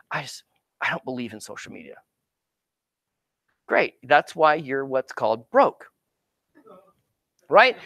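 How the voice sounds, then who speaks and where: A middle-aged man giving an informal marketing seminar in a lively, conversational way, often checking in with "right?". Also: fairly high pitch, smooth, no room sound. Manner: conversational, animated, keeps asking "right?". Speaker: marketing speaker and actor coach.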